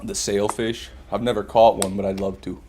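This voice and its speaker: Low-voiced man ranting on a stream. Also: level tone, moderate pace, dark tone, a little hiss or hum. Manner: ranting, sarcastic, swears often. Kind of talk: casual live-stream commentary.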